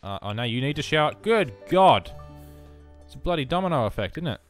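A man's voice: a little high, sing-song, fairly quick, faint music behind. A man giving rambling, self-mocking let's play commentary alone in his room, full of jokey asides. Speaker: gaming commentator.

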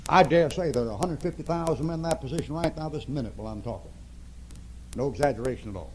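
A man's voice: a little high, fast talker, a little hiss or hum, low-quality recording. Older man preaching with fierce emphasis. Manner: emphatic, repeats phrases, swings from shouting to hushed. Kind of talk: fiery sermon. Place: church before a congregation.

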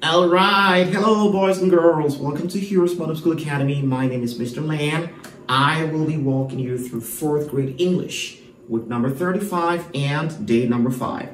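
A man teaches children a homeschool English lesson, emphatic and full of rhetorical questions, often saying "all right." His voice is on the high side at a moderate pace, recorded off-mic from a distance in an echoey room with a little hiss or hum.

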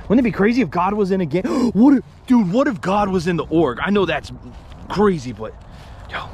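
High-voiced guy in his 30s rambling in the woods, swears a lot, gets super hyped, bit of background noise. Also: normal speed. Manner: excitable, rambling, swearing, jokey. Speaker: paranormal explorer vlogger. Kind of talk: casual outdoor vlog. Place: woods outdoors.

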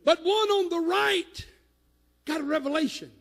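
High-voiced gravelly preacher. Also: male voice, normal speed, big-room sound. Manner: rising to shouted climaxes, then dropping low. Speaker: pastor. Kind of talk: sermon. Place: church sanctuary.

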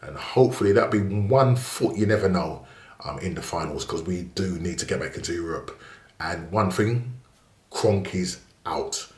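A man's voice: low voice, normal speed, reverberant. A man hosting a casual football match preview, chatty and rambling with many fillers and restarts. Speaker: football channel host.

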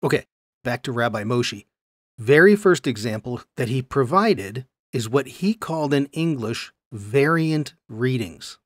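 He teaches a Bible lesson to camera at an unhurried pace, his mid-range voice animated and conversational as he keeps checking in with viewers along the way. There's no room sound; the audio is dry and close.

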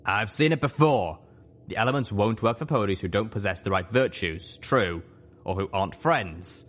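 A man voicing an ancient male dragon who explains things rapidly and earnestly. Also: fairly low pitch, lively intonation, a bit bright.

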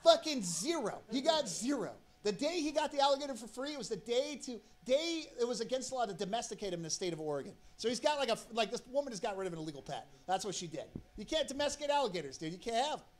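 A man's voice: very high-pitched, big pitch swings, quick pace, hardly any pauses. A man telling a rambling, profane story on stage as a stand-up comedian.

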